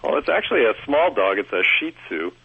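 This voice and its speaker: A man from California calls in to a radio show and stumbles a little over his words. His voice is husky. It comes through a dull lo-fi phone line. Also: mid-range voice, sing-song, fast. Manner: hesitant, nervous laughs. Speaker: caller.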